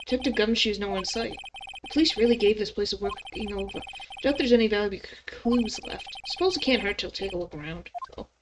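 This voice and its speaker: A woman's voice: medium pitch, fast, background noise. A woman streamer playing a game and reading its dialogue aloud, with casual mumbled asides. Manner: casual, mumbled asides between read lines. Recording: music playing behind.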